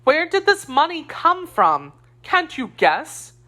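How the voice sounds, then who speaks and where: A woman's voice: high-pitched, wildly swooping pitch, slow pace, bright, forceful tone, voice pushed up, heavily acted. A woman voicing a spirited young wife loyal to her queen, indignant and scornful, in an audiobook reading.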